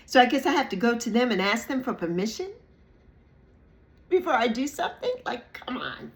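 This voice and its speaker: A woman's voice: a little high, very animated, normal speed, creaky. A woman in her early sixties talking to her viewers, emphatic and repetitive, sometimes mocking people in playful put-on voices. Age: 60s. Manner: emphatic, repeats phrases, mocks others in playful put-on voices. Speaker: YouTube creator. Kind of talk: reflective monologue to camera.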